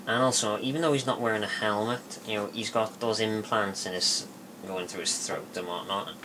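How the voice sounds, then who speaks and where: A man giving a casual spoken tutorial, rambling and halting with many fillers and restarts. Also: lowish voice, fairly even intonation, background noise. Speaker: video tutorial maker.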